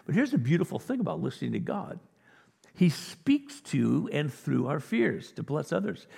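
A male pastor delivers a sermon in an earnest, conversational way, lifting into emphatic peaks. His voice is gravelly and a little husky. The sound rings with the long reverb of a large church hall. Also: a little high, big pitch swings, moderate pace, a little mellow. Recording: reverberant hall, audio recording.

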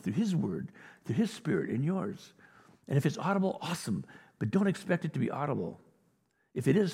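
A man preaching a sermon as pastor, earnest and conversational, building to emphatic high points. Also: creaky, darkish tone, slightly rough. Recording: reverberant hall, audio recording.

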